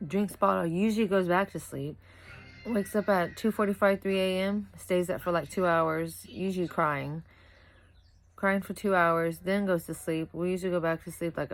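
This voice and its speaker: A young woman with a lowish voice talks about her two small children in a casual home vlog, a toddler nearby. She's tired from lack of sleep, and her chat wanders, scattered and full of self-corrections. The recording quality is low.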